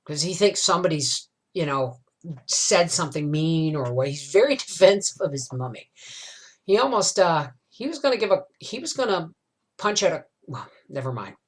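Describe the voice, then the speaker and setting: A woman's voice: low-pitched, sing-song, moderate pace, slightly rough. Rambling middle-aged woman telling a story. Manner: rambling, emotional, confiding; tag questions like "right?". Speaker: homestead vlogger. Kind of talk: casual storytelling chat.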